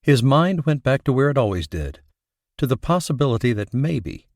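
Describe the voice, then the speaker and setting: A male audiobook narrator telling a thriller in a steady, even way at a middle pitch. The recording is close and dry, with no room sound at all. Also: moderate pace, no echo. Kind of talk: scripted narration.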